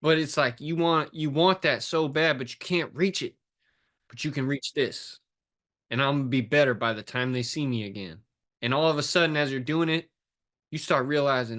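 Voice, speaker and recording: A man's voice: medium pitch, moderate pace, fairly bright tone. Guest coach, man, emotional and intense, plain-spoken, swears. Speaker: guest, fitness and life coach. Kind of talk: impassioned interview talk.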